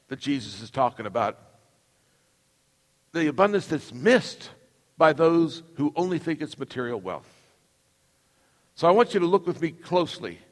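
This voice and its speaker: In a large hall with long reverb, a middle-aged pastor delivers an emphatic sermon and has the congregation echo lines after him. His voice is on the high side and a bit bright.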